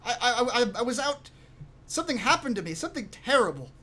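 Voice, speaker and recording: A man's voice: very high-pitched, big pitch swings, a little fast, bright, forceful tone, voice pushed up, heavily acted. A shaken young nobleman stammers out his words in a nervous rush, as a man plays him. His voice is lifted well above the performer's own, a frightened heir in a tabletop game. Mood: anxious. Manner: stammering, anxious.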